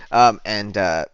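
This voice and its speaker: A man narrating a tabletop game as game master, rambling with many pauses. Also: on the low side, clean tone, no room sound. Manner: rambling, lots of uh and um. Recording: dull lo-fi dry audio.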